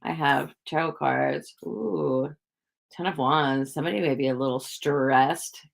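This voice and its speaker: A woman's voice: deep voice, unhurried, vocal fry. A woman chatting casually with viewers on a livestream, rambling with lots of fillers and little giggles. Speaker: psychic livestreamer.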